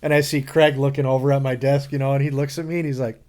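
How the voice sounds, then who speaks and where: A man from Wisconsin, a podcast co-host telling a workplace prank story among friends, animated and acting out other people's lines. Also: mid-range voice, fast talker, a crowd in the background. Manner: animated, acts out coworkers' lines with laughs.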